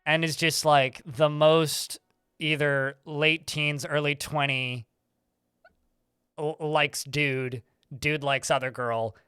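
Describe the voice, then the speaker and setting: A man's voice: on the high side, steady tone, takes it slowly, sharp tone, smooth, no room sound, clean studio sound. A man live-streaming a game, telling a rambling story in a chatty, casual way with mild swearing.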